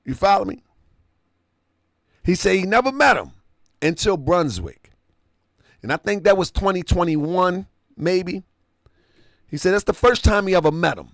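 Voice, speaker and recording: Lively gravelly man telling a story. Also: high-pitched, measured pace, long pauses, no echo. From Baltimore area. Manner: conversational, retells dialogue, asks listener to follow. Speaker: online show host. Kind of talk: casual storytelling commentary.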